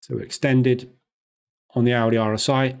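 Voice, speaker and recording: A man hosts a live stream, talking quickly and informally. His delivery is loose and chatty, full of fillers and quick asides. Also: mid-range voice, flat delivery, gravelly, a little mellow, smooth. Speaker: live-stream trading host.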